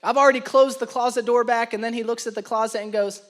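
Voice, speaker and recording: A man's voice: very high voice, fairly even intonation, fast, hardly any pauses, fairly bright tone. A young man preaching a sermon, telling a self-mocking story about his son and building to emphatic points. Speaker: pastor.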